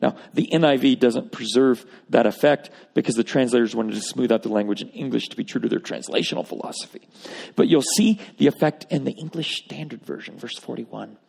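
A man's voice: medium pitch, a little fast, vocal fry, a little mellow, husky. A man preaching a sermon, emphatic with wry asides, reading scripture aloud. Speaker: pastor. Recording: long reverb of a large hall.

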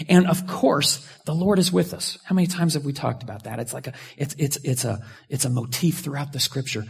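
A man preaching a sermon as a pastor, telling a personal story with lively swings between hushed asides and loud outbursts. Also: mid-range voice, brisk, vocal fry, few pauses.

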